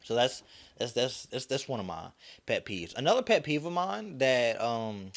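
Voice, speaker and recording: Young guy venting on his podcast, swearing a lot, mid pitch, gets loud and worked up. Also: normal speed. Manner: profane, animated ranting with mocking quoted voices. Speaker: podcast host. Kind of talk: solo podcast rant.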